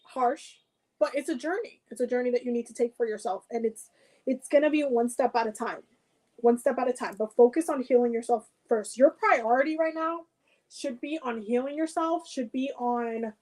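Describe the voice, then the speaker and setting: A woman's voice: fairly high pitch, moderate pace, darkish tone, rough recording. A woman doing a spoken oracle card reading, talking straight to the viewer, repeating her points and checking in with "okay?". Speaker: tarot reader.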